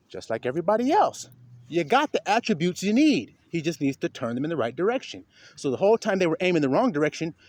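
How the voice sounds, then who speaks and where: A man delivers a raw, informal sermon in a high voice that leaps up and down his range. He preaches with heavy emphasis and cursing, dropping into low asides and then rising into shouted bursts as he acts out the people he quotes. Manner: profane, colloquial.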